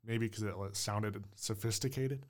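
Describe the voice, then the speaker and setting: Male host, lowish voice, casual solo monologue, thinks out loud and hedges a lot. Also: fairly even intonation, normal speed. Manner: musing, unsure, rambling with hedges.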